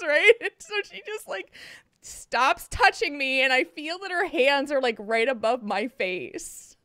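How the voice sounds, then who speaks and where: A woman's voice: high-pitched, expressive, unhurried, sharp tone, no echo, studio quality. A woman co-hosting a podcast, telling a story in casual chat, often laughing through it and whispering when she quotes others. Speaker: podcast co-host.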